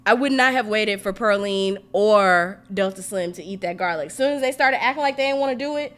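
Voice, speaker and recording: A woman co-hosting a casual podcast. Her voice sits at a middle pitch. She talks frankly and with energy, drops swear words freely and fills her sentences with "like". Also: fairly quick. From family roots in Mississippi and Louisiana. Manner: animated, frank, swears freely, many "like" fillers. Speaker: podcast co-host.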